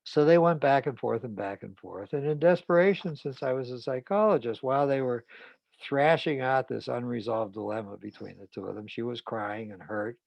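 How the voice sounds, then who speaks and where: Gravelly male psychologist telling a case story, frank, dull dry recording. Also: mid-range voice, normal speed, no echo. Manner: frank, conversational.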